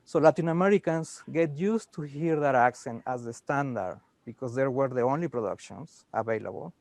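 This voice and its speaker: Casting: man on a panel, mid-pitched, dry close mic, many "you know"s. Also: moderate pace, creaky, a little mellow, no echo. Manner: explanatory, frequent "you know" fillers. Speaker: dubbing studio head. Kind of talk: panel discussion.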